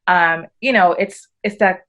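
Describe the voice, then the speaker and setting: On a dull-sounding recording, a woman from the United States talks a little slowly in a lowish voice. As a guest on a podcast, she tells stories in a casual, animated way, voicing the quoted lines herself.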